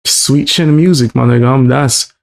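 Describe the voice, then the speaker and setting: A man's voice: medium pitch, normal speed, gravelly. A man streaming his reaction to a clip, mocking and incredulous, talking in heavy slang. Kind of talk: casual reaction commentary.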